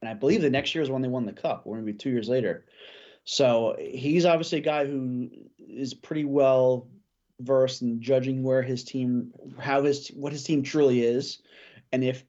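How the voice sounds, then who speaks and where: A man chatting casually about hockey as a podcast guest, thinking out loud with fillers and restarts. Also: medium pitch, steady tone, normal speed, muffled recording. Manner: thoughtful, many fillers and restarts. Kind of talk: casual sports chat.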